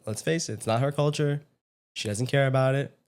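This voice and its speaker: A man's voice: medium pitch, fairly quick, darkish tone, clean tone. A young adult man co-hosting a podcast, making dry, sarcastic remarks in casual conversation. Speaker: podcast co-host. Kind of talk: casual political podcast chat.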